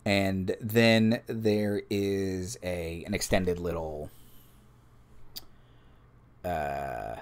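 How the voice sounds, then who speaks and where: A man's voice: low-pitched, very slow, long pauses. A man hosting a live stream, reading tabletop game rules aloud and adding casual asides to the chat. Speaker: game master and stream host.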